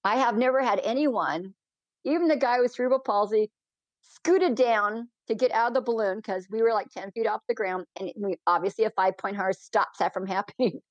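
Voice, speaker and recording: A woman balloon pilot telling heartfelt stories as a guest in an interview, animated and quick in bursts. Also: a little high, dry recording, lo-fi sound. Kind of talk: emotional storytelling in a podcast interview.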